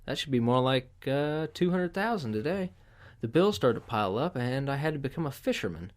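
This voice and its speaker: A man's voice: mid-range voice, lively intonation, a little fast. A man hosting a podcast, reading news headlines aloud and riffing on them with crude, profane sarcasm. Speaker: podcast host. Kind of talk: casual news commentary.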